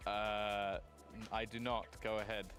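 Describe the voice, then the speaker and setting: A man on an esports panel who jokes in a laid-back way and slows down when he explains his ideas. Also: fairly low pitch, level tone, a bit bright, faint music behind. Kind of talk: casual panel banter.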